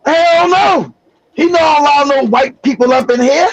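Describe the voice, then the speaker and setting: A man's voice: very high voice, unhurried, muffled recording. A man voicing his blunt, angry older mother, who swears a lot and speaks emphatically. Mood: indignant.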